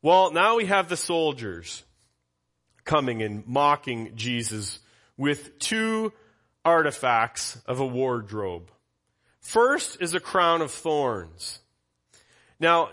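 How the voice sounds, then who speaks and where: A man with a bright, forceful voice sitting a touch higher than most men's, walking his congregation through a Bible passage. He teaches in a conversational way and keeps asking them questions as he goes. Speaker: pastor.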